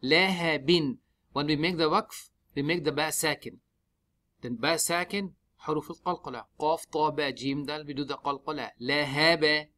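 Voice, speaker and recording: A man teaching tajweed step by step in a mosque, spelling out letters and vowels one at a time and chanting the verses slowly and drawn out. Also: fairly high pitch, fairly bright tone. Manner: slow, drawn-out chanting when reciting. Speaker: Quran recitation teacher.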